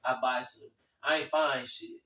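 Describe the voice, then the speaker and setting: A man chatting casually, animated and profane, acting out other people's lines as he tells stories. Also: medium pitch, measured pace. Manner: animated, quotes others in put-on voices, swears freely. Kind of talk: casual storytelling chat. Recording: echoey room from a distance.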